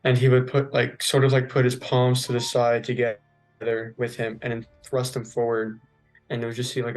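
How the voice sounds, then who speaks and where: A male player at a tabletop game speaks in a notably flat, even voice, with almost no rise or fall. He lays out his character's moves step by step, with faint music behind him. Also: mid-range voice, low-quality recording.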